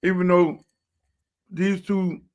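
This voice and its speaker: A man hosts a loose livestream chat and drifts from one thought to the next while eating. His voice sits fairly high for a man. He takes his time, with an unhurried, drawn-out delivery. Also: little pitch movement, darkish tone. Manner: rambling and chatty, talking while eating. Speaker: show host.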